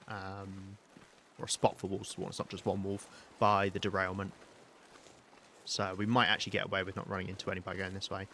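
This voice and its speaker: A British man live-streaming a survival game, talking calmly and softly to his chat while he plays. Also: on the low side, a little hiss or hum. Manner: calm, soft-spoken, chatty with viewers.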